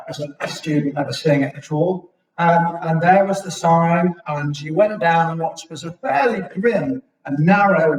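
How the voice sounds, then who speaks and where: A British man in his sixties speaks to a gathered audience, his slightly raised voice ringing through a chapel. He picks his way through his memories, halting on frequent ums. He stands back from the microphone, so the room's echo wraps around every phrase. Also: fairly high pitch. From Britain. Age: 60s. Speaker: guest speaker at a local history evening. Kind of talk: reminiscing public talk. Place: chapel hall. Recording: echoey chapel, mic at a distance.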